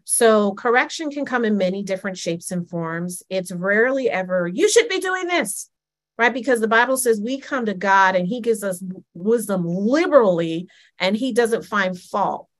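A woman's voice: medium pitch, normal speed. A woman, emphatic and repetitive, calling listeners "honey" and "child". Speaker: church speaker. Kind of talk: personal testimony sermon.

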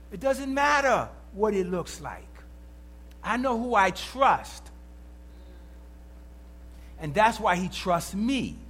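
A male preacher giving an emphatic sermon and calling out questions to the congregation. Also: sits high. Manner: animated, emphatic, calls out to the congregation.

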